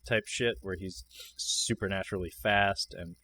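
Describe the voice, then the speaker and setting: A man co-hosting a podcast, chatting casually about a film in a relaxed, wry way, often laughing. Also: sits low, moderate pace, a little hiss or hum. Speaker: podcast co-host. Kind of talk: casual film review chat.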